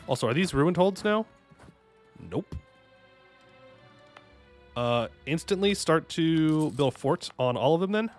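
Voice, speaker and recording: A man streaming a strategy game, commenting casually and excitably, talking to himself and his chat with jokey asides. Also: a little high, unhurried, long pauses. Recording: faint music behind the voice.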